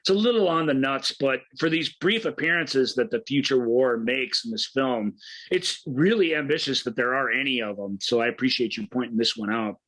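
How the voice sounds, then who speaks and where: A man's voice: mid-range voice, moderate pace, fairly bright tone, rough recording. A man co-hosting a film podcast, enthusiastically retelling scenes in a casual, rambling way with frequent restarts.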